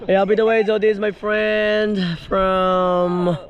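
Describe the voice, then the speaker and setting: A man's voice: high voice, flat delivery, takes it slowly, lo-fi sound. A man acting as a playful tour guide, chatting and joking with tourists on a boat. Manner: playful, teasing, introduces tourists. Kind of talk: casual chat on a boat tour. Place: small boat on open water.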